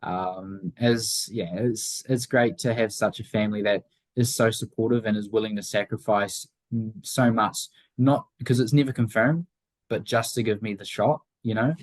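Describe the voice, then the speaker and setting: A teenage guy with a Southland New Zealand accent talks casually in an interview, circling his points with plenty of fillers and restarts. His voice sits a bit low, and the sound is dry and close with no room around it. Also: steady tone, moderate pace, no echo, poor audio. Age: teens. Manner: rambling, many fillers and restarts. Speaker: guest, young motorcycle racer.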